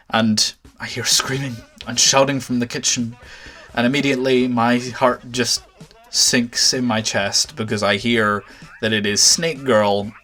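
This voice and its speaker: Young dude ranting through a storytime vlog, swears a lot, mid-pitched voice, faint music behind. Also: male voice. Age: young adult. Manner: exasperated, swearing, animated outbursts.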